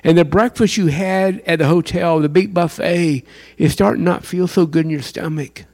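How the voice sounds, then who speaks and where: Animated high-pitched preacher man, gravelly. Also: moderate pace. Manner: animated, acts out voices of fans and worshippers. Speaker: pastor. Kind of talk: sermon.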